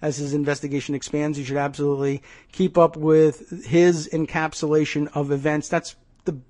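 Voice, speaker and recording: A man's voice: fairly high pitch, little pitch movement, normal speed, darkish tone. A man hosting a political commentary podcast, talking in a sarcastic, ranting way. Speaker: podcast host.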